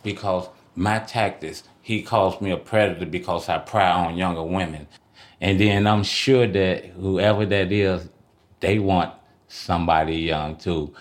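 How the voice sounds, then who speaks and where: A middle-aged man from Oakland, California, chatting casually as a podcast guest, boastful and quick to laugh. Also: low voice, fairly even intonation. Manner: boastful, laughing, colloquial street talk. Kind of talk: casual chat.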